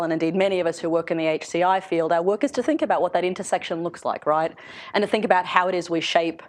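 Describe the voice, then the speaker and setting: A woman's voice: lowish voice, darkish tone. A middle-aged woman giving a conversational seminar lecture to a room of listeners, laughing lightly between points. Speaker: seminar speaker, researcher in industry. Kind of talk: lecture to an audience.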